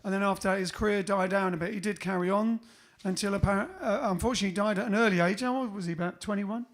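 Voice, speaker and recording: A man's voice: sits high, steady tone, fast talker. A man hosting a band livestream, chatting casually between songs with rambling, joking asides.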